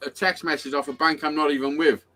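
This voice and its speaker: A man's voice: fairly high pitch, steady tone, fast, sharp tone. Swearing man telling jokey anecdotes. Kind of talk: casual chat.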